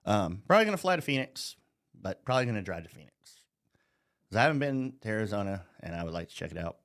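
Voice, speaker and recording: A man's voice: fairly low pitch, sing-song, quick pace, a bit bright. Swearing American man on a heated rant. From United States. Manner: heated, swearing constantly, mocking. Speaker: vlogger. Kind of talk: profane political rant.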